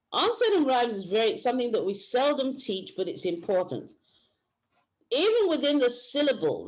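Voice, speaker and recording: A woman teacher giving a workshop lecture, explaining step by step and often restarting her phrases. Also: medium pitch. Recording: dull lo-fi recording.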